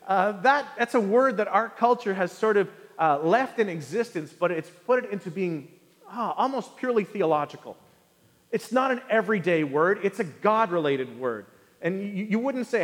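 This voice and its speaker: A male pastor giving an animated sermon to a congregation, acting out quoted voices for humor. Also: high-pitched, moderate pace. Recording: hall with long reverb.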